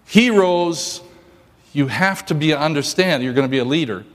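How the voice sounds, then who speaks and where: A male pastor giving a sermon in a church, joking and telling stories in a lively way. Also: a little high, moderate pace, in a large hall.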